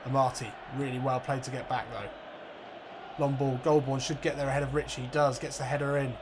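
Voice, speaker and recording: A man commentating his own football video game play by play, swearing and yelling when things go wrong. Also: mid-range voice, level tone, normal speed, background noise. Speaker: gaming commentator.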